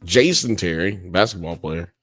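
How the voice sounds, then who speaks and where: A man's voice: sits low, moderate pace, a bit bright, faint music behind. A man hosting a live podcast, chatting casually with jokes and swearing. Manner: loose, joking, profane banter. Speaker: podcast host. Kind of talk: casual live-stream chat.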